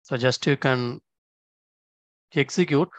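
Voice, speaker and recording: A man walks through code one step at a time, checking in with his listeners as he goes. His voice sits at a middling pitch and sounds dry and close, with no room around it. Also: takes it slowly, no room sound, dull audio. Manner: explains step by step, often checking in with "okay?". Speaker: instructor. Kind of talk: screen-recorded coding tutorial.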